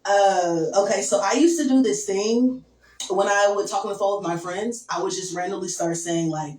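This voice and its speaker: A young woman doing a stand-up set, crude and deadpan, with lots of "um" and "like". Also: mid-range voice, normal speed. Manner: crude, deadpan, filler-heavy. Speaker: stand-up comedian. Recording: echoey room from far off.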